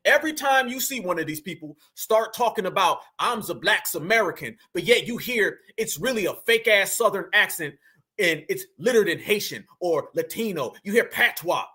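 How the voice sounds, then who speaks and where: Fired-up, high-voiced male commentator. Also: lively intonation, moderate pace, pushed and bright, husky. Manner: heated, mocking, slangy, addresses viewers as fam. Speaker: commentary channel host. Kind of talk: reaction commentary.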